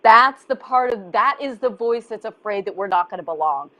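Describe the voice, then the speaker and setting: A woman coach talking in an encouraging, conversational way, explaining her points with gentle repetition. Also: medium pitch, expressive, moderate pace, low-quality recording. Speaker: body image coach. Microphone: video call.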